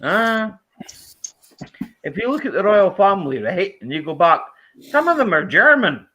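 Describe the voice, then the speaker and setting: A Scottish man hosting a casual chat stream, rambling and animated, often restarting his sentences. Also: sits high, normal speed. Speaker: livestream host. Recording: dull lo-fi stream audio.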